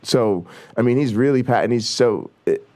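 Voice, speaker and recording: A man's voice: mid-range voice, normal speed, darkish tone. A middle-aged man hosting a casual chat show, rambling and swearing, with many fillers. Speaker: host.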